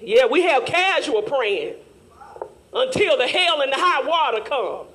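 A woman teaching Sunday school in a fervent, call-and-response preaching manner, rising at times to shouts. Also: high-pitched, animated, a little slow.

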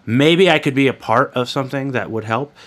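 Podcast co-host, young man, rambling and profane, bright edgy tone. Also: medium pitch, fairly quick. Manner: rambling, swears a lot, many fillers. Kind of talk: casual crude banter.

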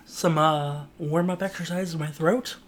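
A man's voice: on the high side, fairly even intonation, unhurried, heavy background noise. A man co-hosting a podcast, chatting casually and reading a story aloud in a rambling, self-mocking way. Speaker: podcast co-host and reader.

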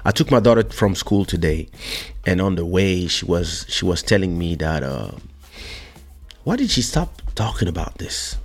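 A man hosting a podcast, chatting casually and telling a family story in an animated way. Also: low voice, moderate pace, breathy edge, faint music behind. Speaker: podcast host. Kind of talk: casual chat.

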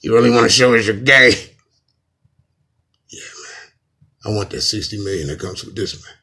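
A man voicing a commanding, menacing male secret-society figure who talks loudly and bossily. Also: on the low side, moderate pace, slightly rough, exaggerated voice. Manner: loud, bossy, breaking into laughs.

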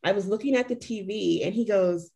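A woman co-hosting a casual chat, telling a story in an animated way full of "like" and acted-out quotes. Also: mid-range voice, a little fast, vocal fry, slightly rough. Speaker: podcast co-host.

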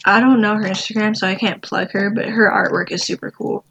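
A young woman co-hosting a casual podcast, halting and restarting, with lots of fillers. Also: mid-range voice, steady tone. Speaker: podcast co-host. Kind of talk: casual chat. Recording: dull lo-fi mic, faint noise.

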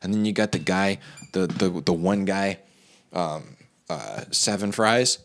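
A man's voice: low-pitched, measured pace. A young man in a casual, comedic rant, rambling with lots of fillers and repeats.

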